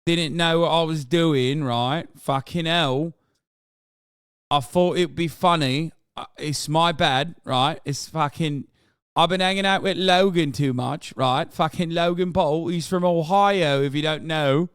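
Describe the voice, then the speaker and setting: A streamer putting on a breezy young British man, tossing out a careless apology. The tone is offhand and sweary, with a smooth, slightly high voice. The sound is dry and close. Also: a little slow, fairly bright tone, dry recording. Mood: flippant.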